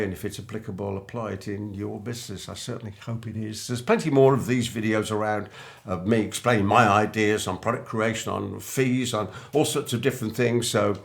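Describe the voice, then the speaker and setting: Gravelly older man telling a story. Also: lowish voice. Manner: anecdotal, acts out remembered dialogue. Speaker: business coach. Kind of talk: storytelling monologue to camera.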